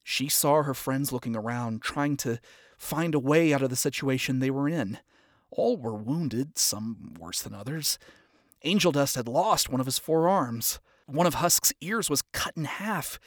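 A man narrating a dark story aloud with an expressive, dramatic delivery. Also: medium pitch, a little slow, dry recording, clean studio sound.

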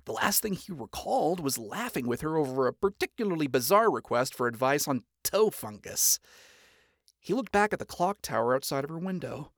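A narrator reading fan fiction aloud in an expressive, storytelling manner. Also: medium pitch, moderate pace, dry recording, clean studio sound.

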